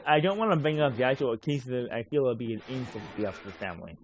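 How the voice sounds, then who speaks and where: A man's voice: medium pitch, fast, muffled recording. A man giving rambling, casual commentary while streaming a game, swearing offhandedly now and then.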